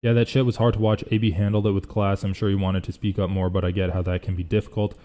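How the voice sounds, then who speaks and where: A man's voice: low voice, little pitch movement, quick pace, mellow. A young man hosting a casual live reaction stream, rambling and thinking aloud as he reads chat.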